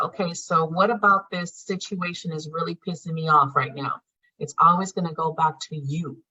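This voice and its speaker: Woman, lowish bright husky voice, blunt foul-mouthed healing teacher, lo-fi recording. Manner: blunt, frequent swearing, conversational. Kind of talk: casual spoken lesson. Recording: dull lo-fi sound.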